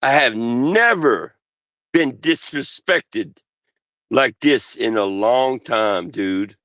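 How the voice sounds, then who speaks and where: A man's voice: mid-range voice, lively intonation, fairly bright tone, no echo. A man ranting angrily, full of swearing and grandiose threats, lecturing the people around him. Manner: grandiose, threatening, swears constantly, slow drawn-out delivery. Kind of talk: angry profane rant.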